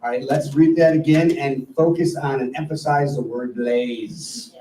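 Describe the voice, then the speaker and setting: A man's voice: medium pitch, fairly even intonation, measured pace, dark tone, slight background noise. A man who is a minister, delivering a sermon and leading a prayer with an earnest manner. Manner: earnest, leads the congregation in affirmation. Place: church sanctuary. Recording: roomy, distant mic in a church hall with faint music.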